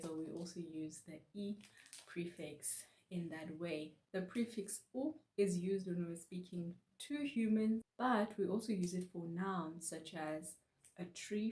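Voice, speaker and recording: A woman teaching a language lesson, speaking slowly and patiently and repeating each word for practice. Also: on the low side, dark tone, echoey room.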